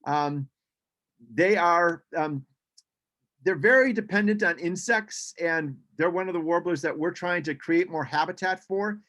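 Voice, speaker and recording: A man's voice: high voice, measured pace, fairly bright tone. A man giving a casual birding presentation over a video call, chatty, with frequent ums and restarts.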